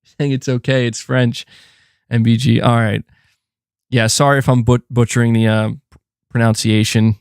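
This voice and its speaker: A man hosting a casual gaming live stream, reading and answering super chats in a chatty, animated way with frequent fillers. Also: mid-range voice, moderate pace, pauses often, clear, resonant tone, dry recording, clean studio sound. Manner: chatty and animated, thanks donors, frequent fillers and self-corrections. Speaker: gaming channel host.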